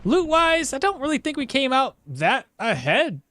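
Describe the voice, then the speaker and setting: A man streaming a game, chatting casually and excitably, swearing now and then. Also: very high voice, moderate pace, no room sound. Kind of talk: casual gameplay commentary.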